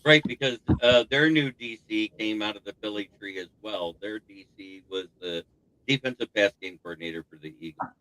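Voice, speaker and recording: Male sports stream host, bright, dry close sound, rambling casual chat. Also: lowish voice, normal speed, dry recording, low-quality recording. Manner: rambling, thinks aloud with restarts, laughs at rival team's troubles. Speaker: sports talk show host.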